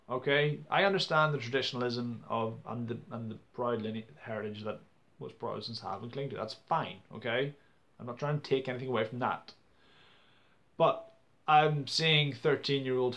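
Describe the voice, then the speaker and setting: A young man, ranting to camera in a casual vlog, exasperated, with many stumbling restarts. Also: medium pitch. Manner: exasperated, stumbling restarts, acts out quoted people loudly. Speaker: vlogger.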